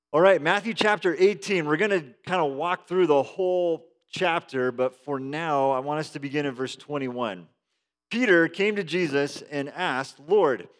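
A male pastor in his thirties preaching a sermon in a conversational, animated way, moving between quiet prayer and lively storytelling. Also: a little high.

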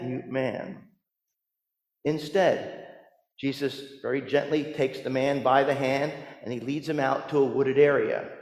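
A male pastor with a high, animated voice tells stories in a sermon, firing rhetorical questions at the congregation. The church sanctuary gives the recording a long, echoing reverb.

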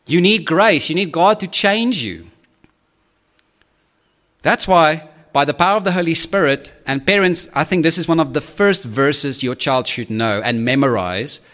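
A man preaching a sermon earnestly, often checking in with listeners and pushing his pitch up to stress key points. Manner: earnest, checks in with frequent "okay?" and "right?"; swings to high, louder emphasis on key points. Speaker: pastor.

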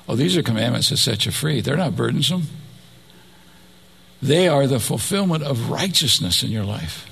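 A man preaching a sermon, his voice gravelly with a husky edge. He asks his listeners questions and adds personal asides as he goes. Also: mid-range voice, animated, normal speed, pushed and bright.

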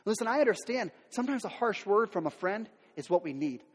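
A pastor delivers a sermon a little fast, his high, expressive voice carrying a breathy edge. His speech is candid and chatty, with many fillers and restarts, and he dramatizes quotes from everyday people. Long reverb from a hall surrounds it.

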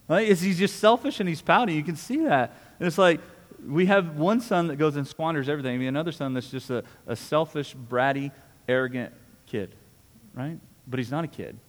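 A man's voice: fairly high pitch, expressive, fairly quick. Man, preacher, conversational sermon, repeats himself, long reverb in a church hall. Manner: conversational, repeats words, asks "right?".

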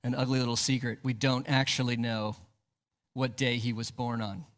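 A man's voice: medium pitch, flat delivery, normal speed, long reverb tail. A man, a pastor, preaching a sermon in a church sanctuary, emphatic and asking the congregation rhetorical questions.

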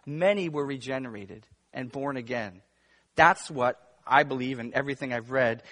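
A male pastor preaching a sermon, moving between hushed, intimate stretches and emphatic, raised passages. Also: mid-range voice, moderate pace. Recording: long reverb of a large room.

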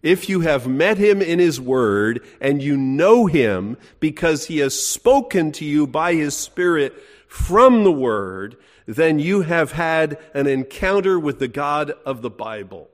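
A man's voice: on the high side, very animated, slow pace, hardly any pauses. A middle-aged man preaching a sermon in a folksy, emphatic way, asking his listeners questions. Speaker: pastor.

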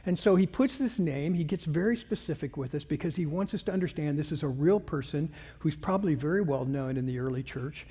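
A man, a pastor preaching a sermon in a lively storytelling manner, acting out the scene. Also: a little high, fairly quick, hardly any pauses, breathy edge, long reverb tail.

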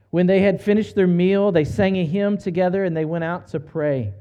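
A man preaching a sermon, retelling a story in an earnest, measured way with slow, emphatic pauses. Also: high voice, mellow, highs cut off. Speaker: pastor.

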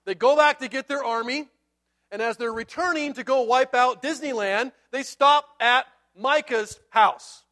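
A man preaching a sermon, telling a Bible story in an animated way and acting out the characters. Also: extremely high pitch, measured pace. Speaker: pastor.

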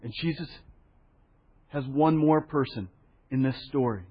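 A pastor preaching a sermon, telling the story with animated voices for the people in it and a soft hush for solemn points. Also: male voice, medium pitch, measured pace, breathy edge. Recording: dull sound in a hall with long reverb.

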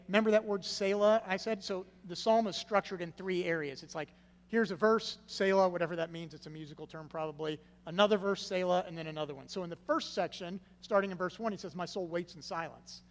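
A man preaching a sermon, stressing key words loudly and then dropping to a hushed, low delivery. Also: a little fast. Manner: swings from loud emphatic stresses to hushed low phrases. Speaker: pastor. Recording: long reverb with faint hum.

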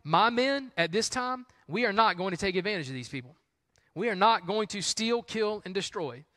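A man's voice: high voice, lively intonation, moderate pace, pushed and bright, no echo, studio quality. A man preaching, speaking as a determined warrior leader who vows to do right. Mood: resolute. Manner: firm, resolute.

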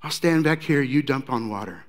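A preacher voicing a cocky male prophet who taunts his rivals loudly and sarcastically during a sermon story. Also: lively intonation, moderate pace, big-room sound, natural voice. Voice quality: loud, high and jeering. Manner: sarcastic, teasing.

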